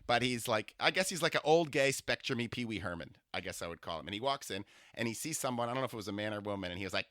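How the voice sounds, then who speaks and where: A man's voice: lowish voice, expressive, rapid-fire, few pauses, fairly bright tone, no echo, clean studio sound. A man hosting a comedy podcast, telling stories in a rambling way and often breaking off mid-sentence. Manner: rambling, self-interrupting storytelling. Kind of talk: comedic solo monologue.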